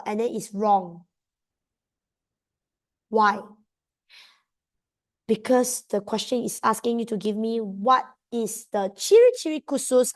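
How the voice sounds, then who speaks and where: Malaysian lady tutor, high voice, mixes english n malay, keeps checking if students get it. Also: a little mellow. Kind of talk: online exam revision class.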